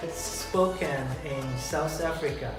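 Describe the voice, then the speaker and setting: A young man from Taiwan, a guest in a casual interview, speaking slowly and hesitantly with dry jokes. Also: on the high side. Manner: slow, hesitant, joking. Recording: echoey room from far off, music behind.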